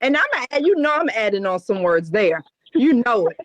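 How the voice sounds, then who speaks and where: A woman's voice: medium pitch, very animated, normal speed, no echo, rough recording. A woman co-hosting a podcast, talking bluntly and emphatically in casual chat with a lot of cursing. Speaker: podcast co-host.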